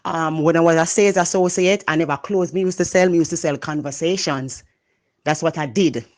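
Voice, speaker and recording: Jamaican woman, motivational speaker, loud, passionate, patois-laced talk. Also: deep voice, a little fast. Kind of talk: motivational monologue.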